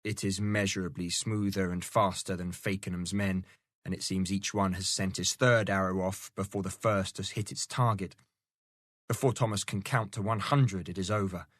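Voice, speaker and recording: A man narrating a novel aloud in a steady, measured storytelling manner. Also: low-pitched, no echo. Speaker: audiobook narrator. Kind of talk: scripted narration.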